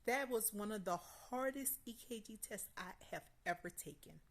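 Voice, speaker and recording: A woman telling a personal story in a casual vlog, animated and repetitive, acting out dialogue with a friend. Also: medium pitch, moderate pace. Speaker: vlogger.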